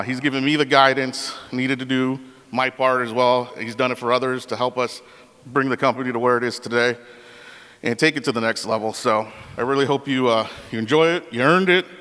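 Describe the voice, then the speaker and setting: Bright, crisp-voiced man in his forties. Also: mid-range voice. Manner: earnest, halting. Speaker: longtime employee giving a tribute. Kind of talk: banquet tribute. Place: banquet hall. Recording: reverberant banquet hall.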